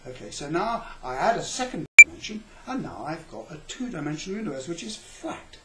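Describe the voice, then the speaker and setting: Chatty comic lecturer, male, lively delivery in a roomy space. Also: on the high side, brisk, slight background noise. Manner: rambling, chatty, with self-interrupting repetitions.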